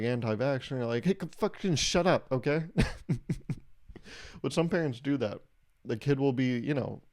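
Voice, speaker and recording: Animated young man telling stories. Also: mid-range voice. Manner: animated, acts out quotes in raised voices. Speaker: podcast host. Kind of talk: casual comedic storytelling.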